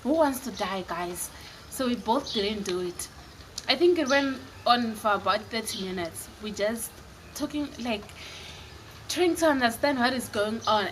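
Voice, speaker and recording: A woman's voice: a little high, normal speed, slight background noise. Chatty woman storyteller. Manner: animated, dramatic retelling with acted quotes. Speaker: vlogger. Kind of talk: casual storytelling to camera.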